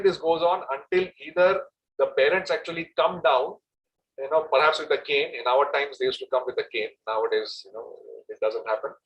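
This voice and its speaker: A man's voice: on the high side, fairly bright tone, rough recording. A man giving a devotional storytelling talk outdoors at a pilgrimage site, conversational and anecdotal, with personal digressions. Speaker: devotional speaker.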